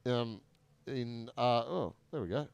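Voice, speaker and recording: A man's voice: medium pitch, a little slow, vocal fry, darkish tone, clean tone, dry recording. Jokey Australian man, casual host. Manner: jokey, self-mocking, laughs often. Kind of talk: casual chat.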